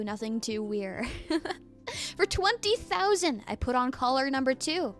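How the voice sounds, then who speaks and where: High-voiced playful woman streamer. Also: very animated, measured pace, soft background music. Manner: playful, laughs often, reads chat aloud. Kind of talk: casual live-stream chat.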